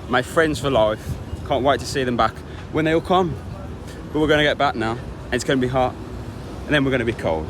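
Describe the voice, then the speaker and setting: A man's voice: medium pitch, normal speed, noisy background. A young man, talking in a chatty, rambling and sweary way in a casual travel vlog. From England. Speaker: vlogger.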